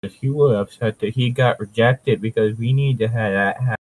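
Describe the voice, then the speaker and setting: A man's voice: medium pitch, steady tone, normal speed, no echo, low-quality recording. A young man co-hosting a fan fiction reading podcast, ranting sarcastically and swearing freely. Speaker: co-host.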